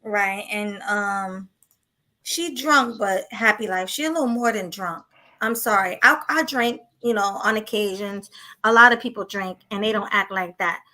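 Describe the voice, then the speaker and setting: A woman co-hosts a casual commentary podcast. She sounds sassy and quick to judge. Her voice is bright and sharp. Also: mid-range voice. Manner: sassy, judgmental. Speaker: podcast co-host.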